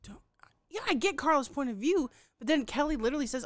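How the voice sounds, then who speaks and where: Woman co-host, playful and swears freely, pitch leaps around, dry close sound. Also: animated, fast talker, no room sound. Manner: teasing, jokey, profane. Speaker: co-host watching a show. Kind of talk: casual reaction chat.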